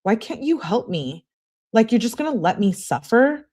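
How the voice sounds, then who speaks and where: A woman's voice: on the high side, big pitch swings, moderate pace, darkish tone, slightly rough, voice pushed up. A woman reading aloud the text messages of a young woman who pleads with and demands things of her boyfriend, in a raised, insistent tone.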